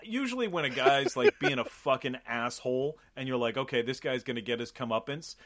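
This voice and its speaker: Lively, joking podcast man. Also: medium pitch, a little fast. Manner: animated, profane, joking. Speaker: podcast co-host. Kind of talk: casual movie chat.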